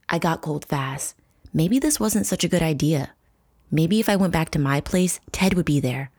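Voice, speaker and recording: A woman hosting a true crime podcast, reading book passages aloud with profane asides and dramatic shouting. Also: deep voice. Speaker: podcast host.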